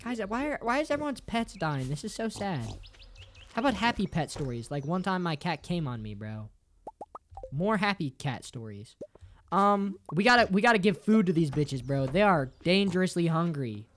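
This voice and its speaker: A man's voice: high voice, very animated, normal speed, slight background noise. A man streaming a game, reading chat aloud and answering with crude, playful jokes. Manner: crude, profane, joking, reads chat aloud; mock-dramatic, playful teasing. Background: faint game music.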